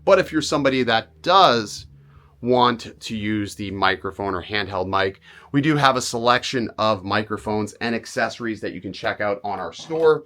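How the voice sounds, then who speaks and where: A man's voice: on the low side, expressive, moderate pace, bright, forceful tone. A man talking casually about his gear, recorded on a small camera's onboard mic, his voice a little worn. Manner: casual, direct, a bit blunt. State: losing his voice. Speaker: vlogger, real estate photographer.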